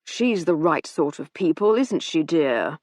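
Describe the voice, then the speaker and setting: A woman voicing a drunk, oblivious man in an audiobook, slow and slurred. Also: low voice, very animated, a little mellow, no room sound, clean studio sound, full character voice. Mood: tipsy. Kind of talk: audiobook character reading.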